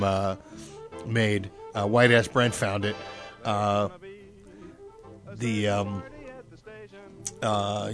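A man co-hosting a comedy podcast, chatting loosely with lots of ums, uhs and swearing. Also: on the low side. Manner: loose, profane, filler-heavy. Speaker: podcast co-host. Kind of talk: casual comedy podcast chat.

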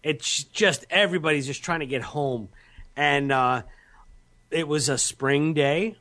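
A man's voice: a little high, unhurried, pushed and bright. A man in casual chat, laid-back and profane, telling a story.

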